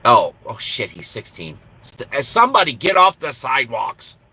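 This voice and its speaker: Blunt, bright-voiced trucker. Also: male voice, mid-range voice, wildly swooping pitch, slightly rough, rough recording. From Minnesota, USA. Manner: blunt, profane, self-deprecating, quick to laugh. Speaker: trucker live-streamer. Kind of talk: casual live-stream chat. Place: inside a truck cab.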